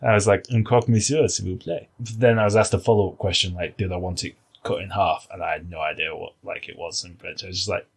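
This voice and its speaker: A man with a husky, slightly low voice co-hosts a comedy podcast. He talks in a relaxed, rambling way, laughing often and filling gaps with ums and likes. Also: fast talker, hardly any pauses. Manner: laughs often, trails off with fillers. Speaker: podcast co-host. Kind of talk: casual comedic chat.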